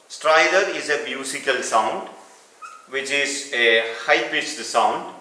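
A man's voice: medium pitch, bright, forceful tone. A man teaching a clinical lecture, explaining step by step and repeating key terms. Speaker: medical teacher. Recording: echoey room, mic at a distance.

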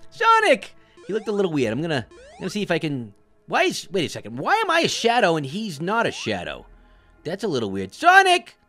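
A man's voice: sits high, huge pitch swings, a little fast, faint music behind, heavily acted. A man doing a jumpy, wisecracking cartoon orange. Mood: scared. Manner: jumpy, yelps and shouts when startled, jokey asides. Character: jittery wisecracking talking orange, male. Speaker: gaming host. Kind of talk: cartoon let's-play commentary.

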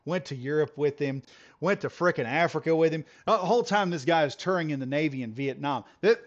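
A man streaming a game while telling a long, animated story with lots of laughs and restarts. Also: on the high side, fairly quick, muffled recording. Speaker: gaming streamer. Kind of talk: casual storytelling on a live stream.

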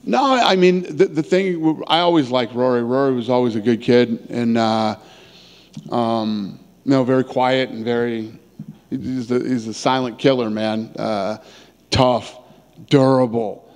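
A man's voice: mid-range voice, a little slow, darkish tone. Blunt middle-aged man in reverberant room. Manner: blunt, casual, restarts words often. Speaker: promoter answering press questions. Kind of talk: press conference answers. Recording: long reverb in a big room.

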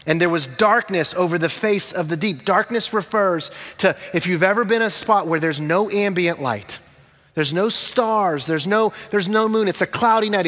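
A middle-aged man preaches with a slightly raised pitch. He moves between animated storytelling and quiet, slowed-down emphasis. His voice rings in a long hall reverb. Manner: animated storytelling with sudden hushed, slow emphasis. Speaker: pastor. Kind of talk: sermon.

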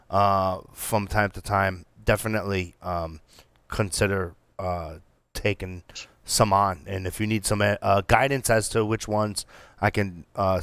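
A middle-aged man co-hosts a casual podcast reviewing cigars, telling stories with excitable, animated energy and many restarts and fillers. His fairly low voice is smooth and resonant, recorded dry and close with no room sound or echo.

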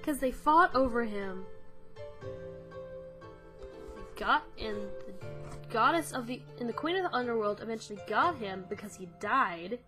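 High-voiced jumpy woman gamer, swearing. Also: animated, unhurried, long pauses. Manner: jumpy, swears often, yelps when startled. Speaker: let's-play gamer. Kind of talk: casual gameplay commentary. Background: game music.

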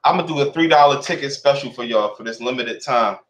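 A man's voice: mid-range voice, fast, fairly bright tone. A man hosting a casual interview, asking long, winding, admiring questions. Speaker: interview host. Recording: echoey room.

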